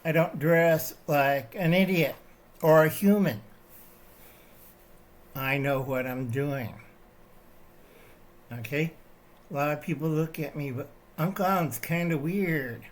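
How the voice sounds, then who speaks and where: Older man, somewhat high voice, rambling satirical rant, keeps asking "okay?". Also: a little slow, pauses often. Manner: digressive, tags lines with "okay?"; shows items to the camera while talking. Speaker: channel host.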